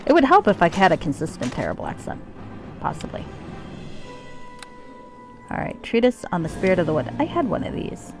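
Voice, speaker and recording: A woman's voice: on the low side, big pitch swings, brisk, long pauses, music in the background. A woman streaming a role-playing game, with wry, joking asides. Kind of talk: casual let's-play commentary.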